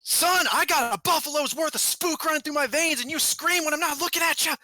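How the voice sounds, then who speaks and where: A man voicing a jumpy, gruff male goblin mine warden who talks in a folksy drawl. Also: a little high, moderate pace, pushed and bright, no room sound. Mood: startled, shouting.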